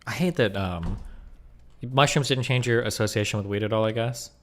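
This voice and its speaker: A man's voice: lowish voice, normal speed. A man calling into a stream, telling stories bluntly and swearing freely. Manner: blunt, swearing, animated storytelling. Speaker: caller. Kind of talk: casual chat.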